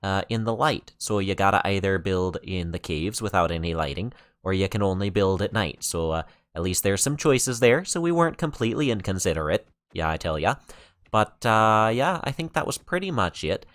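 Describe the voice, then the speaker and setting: A man's voice: deep voice, animated, normal speed, fairly bright tone. A man voicing an exaggerated Canadian-accented gamer in let's-play commentary, rambling with many fillers. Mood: chatty. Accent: put-on Canadian.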